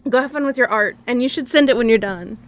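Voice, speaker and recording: A woman's voice: fairly high pitch, fast. Giggly, chatty woman game streamer. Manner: chatty, giggly, swears freely. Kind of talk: casual stream chat.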